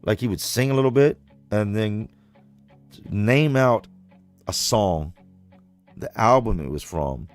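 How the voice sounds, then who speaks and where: A man with a low, deep voice tells a story straight to his livestream viewers. He talks bluntly and casually, with plenty of swearing. Soft music plays faintly behind him. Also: animated, slow pace, pauses often. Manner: blunt, profane, conversational. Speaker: livestream host reading comments.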